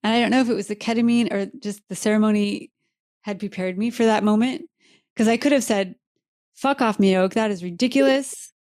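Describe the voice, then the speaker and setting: A woman's voice: mid-range voice, fairly even intonation, fast talker, darkish tone, no room sound, clean studio sound. A woman hosting a podcast, telling a personal story in a candid, heartfelt way and laughing easily. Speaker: podcast host.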